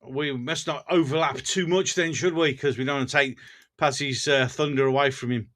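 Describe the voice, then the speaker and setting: A man's voice: medium pitch, fairly even intonation, moderate pace, fairly bright tone. A man with a Black Country accent hosting a casual livestream, chatting with viewers, joking and laughing often. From English Black Country. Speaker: livestream host. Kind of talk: casual live chat reading comments.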